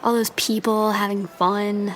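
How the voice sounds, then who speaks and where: A woman's voice: medium pitch, level tone, measured pace, fairly bright tone, a little hiss or hum, natural voice. An actress playing a naive eighteen-year-old girl in an audio drama, timid and stammering. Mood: excited. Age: young adult.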